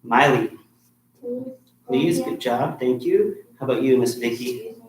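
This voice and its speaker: A man's voice: medium pitch, animated, unhurried. Roomy-sounding man coaching a kids' class. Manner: firm and encouraging, checks in with "okay?" after nearly every point. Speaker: martial arts instructor. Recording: echoey room with faint noise.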